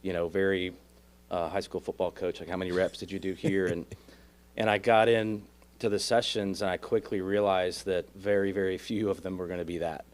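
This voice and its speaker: A man's voice: low voice, fairly even intonation, moderate pace. A man with a Texan accent who coaches real estate agents, reflecting on his coaching on a podcast. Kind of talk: podcast conversation.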